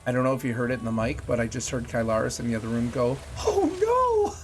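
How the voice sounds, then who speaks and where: A man streams a game on a headset mic, racing through his words in a mid-range voice with little pitch movement. Over game music, he chats and jokes with viewers as he plays.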